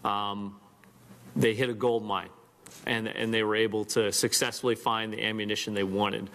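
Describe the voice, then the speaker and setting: A man with a lowish voice gives formal testimony at a hearing. He explains his points in a steady, measured way. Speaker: hearing witness.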